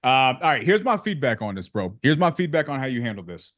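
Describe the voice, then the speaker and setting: Guy coaching on sales calls, says bro a lot, blunt and lively, dry close sound. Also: mid-range voice, quick pace, no echo. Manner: direct, animated coaching with acted examples; casual slang, calls people bro. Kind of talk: feedback session.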